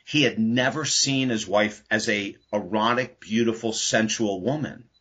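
A man, a podcast guest and author, telling an anecdote in a casual, animated interview. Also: fairly low pitch, measured pace, breathy edge.

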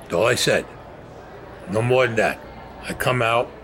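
A man's voice: mid-range voice, unhurried, fairly bright tone, slight background noise. An older man, telling a story in a blunt, profane, streetwise way. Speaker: interviewee.

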